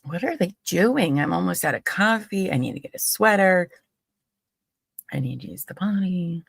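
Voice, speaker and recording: A woman's voice: lowish voice, lively intonation, moderate pace, vocal fry, husky, dry recording. A woman hosting a live true crime stream, chatting casually and rambling with frequent laughs.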